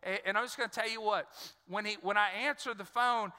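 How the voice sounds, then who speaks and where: Animated pastor, bright and high. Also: male voice, a little fast, clear, resonant tone. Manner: animated, acts out voices in his stories. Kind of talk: sermon with personal storytelling. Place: large church hall. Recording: reverberant church sanctuary.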